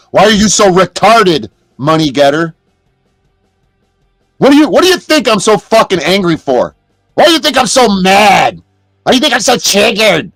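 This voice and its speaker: Angry high-voiced man ranting, very dry sound. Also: no room sound. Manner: profane, aggressive, shouts at chatters. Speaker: livestreamer. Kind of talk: angry livestream rant. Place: inside a motorhome.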